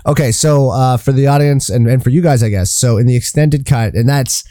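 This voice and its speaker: A man's voice: medium pitch, brisk, mellow, no room sound, clean studio sound. A man co-hosting a casual podcast, rambling through a film scene, searching for words and swearing casually. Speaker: podcast co-host. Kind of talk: casual chat.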